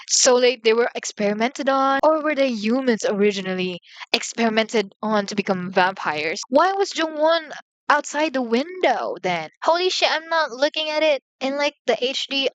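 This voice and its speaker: Excitable young woman reacting aloud. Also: fairly high pitch, moderate pace, smooth, no room sound, rough recording. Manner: excitable, rambling, frequent rhetorical questions and yelps. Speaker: reaction video host. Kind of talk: casual reaction commentary.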